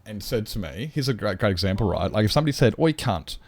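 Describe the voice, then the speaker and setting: Aussie guy rambling on stream, low gravelly voice, swears a lot, typing in the background. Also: expressive, very fast. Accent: Australian. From Australia. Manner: blunt and sweary, rambling, chats to viewers while gaming. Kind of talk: casual live-stream chat.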